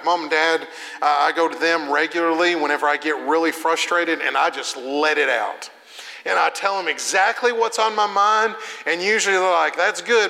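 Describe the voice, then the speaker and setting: A young man preaching a sermon in a conversational way, swinging from loud to soft. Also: on the high side, gravelly. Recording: long reverb of a hall.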